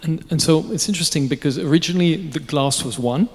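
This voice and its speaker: A man, a watch brand founder, telling lively, jokey anecdotes at a press conference. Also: on the high side, fast. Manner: lively, jokey, with asides and laughs. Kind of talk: anecdotal storytelling. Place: event venue. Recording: long reverb in a large space.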